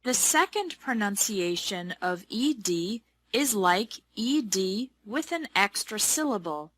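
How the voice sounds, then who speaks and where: A woman leads a pronunciation lesson at a slow, careful pace. She says each model word clearly and deliberately. Her voice sits at a middle pitch. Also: animated, fairly bright tone. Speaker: English pronunciation teacher.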